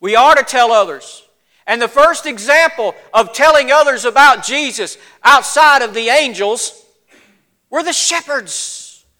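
A man preaching a sermon in a folksy, animated storytelling way, his voice getting cracky. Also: very high voice, a little slow. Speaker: pastor.

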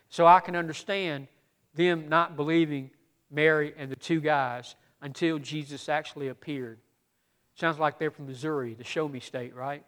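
A man preaching a sermon from the pulpit. His voice sits high for a man, and he swings between loud, emphatic preaching and hushed, confiding asides. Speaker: pastor.

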